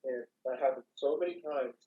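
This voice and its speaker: A man's voice: mid-range voice, brisk. Young man rambling on a lo-fi mic. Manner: rambling, lively anecdotes. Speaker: podcast co-host. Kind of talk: casual chat. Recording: dull lo-fi mic.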